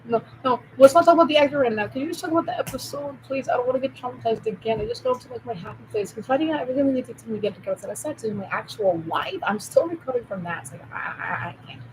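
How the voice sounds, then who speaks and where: A woman in a rambling solo monologue who jumps between topics, swears, and swings from loud outbursts to low mutters. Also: very fast, hardly any pauses, background noise.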